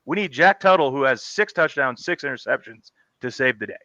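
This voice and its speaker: A man's voice: mid-range voice, lively intonation, a little fast, bright, forceful tone, no echo, muffled recording. A man on a sports podcast giving blunt, sarcastic football takes. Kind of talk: casual sports chat.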